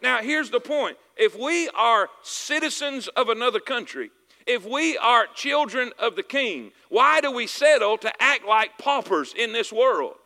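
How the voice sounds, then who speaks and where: Preaching in a sing-song, high and bright voice at a slightly slow pace, a Southern US pastor keeps asking the congregation for an amen and "y'all with me," driving points home through repetition. Long reverb from the hall follows every line.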